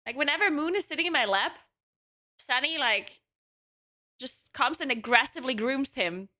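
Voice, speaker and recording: Bright-voiced woman streamer chatting to viewers. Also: high-pitched, normal speed. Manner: chatty, laughs often between remarks. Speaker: live streamer. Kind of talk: casual chat with stream viewers. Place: at home with her cats.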